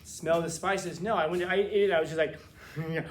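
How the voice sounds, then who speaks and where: A man teaching a classroom lecture, telling funny stories with quick asides and teasing his students. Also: on the high side, noisy background. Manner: joking, animated storytelling with quick asides.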